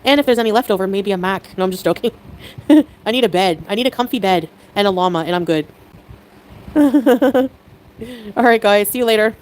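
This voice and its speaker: A woman chatting casually on a livestream, excitable and giggly, with quick swings in mood. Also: medium pitch, slight background noise, poor audio.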